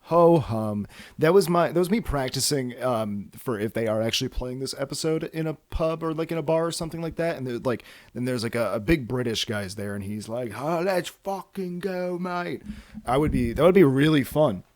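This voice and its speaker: A man's voice: mid-range voice, a little fast, hardly any pauses, no echo. A man hosting a solo casual podcast, rambling and cursing with self-mocking jokes, tired from too little sleep. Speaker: podcast host.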